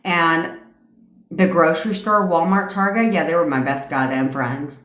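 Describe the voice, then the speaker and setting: A woman's voice: low-pitched, measured pace, a bit bright, reverberant. A woman hosting a casual live stream as a manifestation coach, ranting in a brash, profane way and laughing through her tangents.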